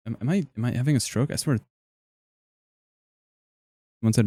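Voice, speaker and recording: A man's voice: mid-range voice, moderate pace, long pauses, a little mellow, no echo, studio quality. A young man streaming live, chatting casually and joking as he reacts to his chat in a rambling way.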